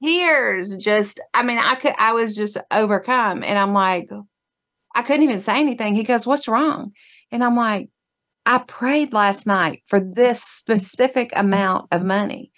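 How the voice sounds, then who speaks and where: A woman, the guest in an interview, telling a story in an animated way and acting out the dialogue. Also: mid-range voice, measured pace. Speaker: guest, ministry founder.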